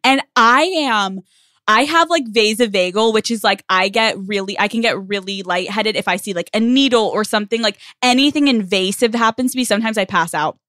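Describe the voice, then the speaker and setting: A woman's voice: medium pitch, a little fast, no room sound, clean studio sound. A young woman, a podcast guest, telling a story in casual talk and acting out the voices of the people in it. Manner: animated, acts out voices in her stories.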